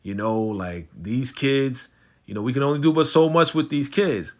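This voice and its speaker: A smooth-talking male fixer from a TV drama, coaxing and low-key, as a man voices him in a recap. The slang is relaxed and the push is steady. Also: moderate pace, lightly acted. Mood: persuasive.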